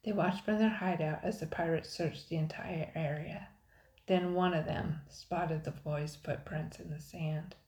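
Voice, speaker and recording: A woman narrating a children's adventure storybook in a steady, dramatic read-aloud. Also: low-pitched, a little slow. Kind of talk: storybook reading. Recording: roomy echo.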